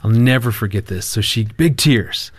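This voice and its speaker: A man appearing as a guest on a talk show about marriage and telling a family anecdote in an animated way, laughing often and acting out what he said. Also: mid-range voice, moderate pace, slightly rough, no echo. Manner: animated storyteller, laughs often, quotes himself.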